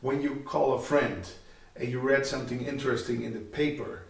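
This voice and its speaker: A man's voice: mid-range voice, steady tone, vocal fry, recorded from a distance. Man interviewing in an echoey room. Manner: agreeable, quick short backchannels. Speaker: interviewer, host. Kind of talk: casual interview.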